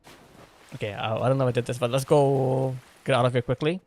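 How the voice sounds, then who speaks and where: A man's voice: mid-range voice, steady tone, quick pace, a little mellow. A man streaming a video game in casual chat, playful and laughing often as he talks with his viewers. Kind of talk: casual live gameplay chat.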